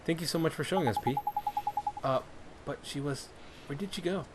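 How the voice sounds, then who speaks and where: A man's voice: a little high, fairly quick, very noisy, natural voice. A man doing an earnest young boy hero. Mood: curious. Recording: loud game music behind.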